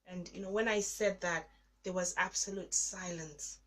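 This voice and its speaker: A woman's voice: on the low side, fairly even intonation, moderate pace, a bit bright. Woman in her thirties telling her story. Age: 30s. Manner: emotional, acts out her past prayers. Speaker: guest. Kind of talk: personal testimony interview.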